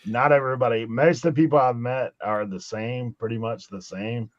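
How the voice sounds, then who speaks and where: A man's voice: medium pitch, steady tone, moderate pace, a little hiss or hum. A man joining a podcast chat as a guest, talking earnestly and filling his sentences with lots of fillers. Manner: earnest, filler-heavy advice. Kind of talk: casual live podcast chat. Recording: dull lo-fi audio.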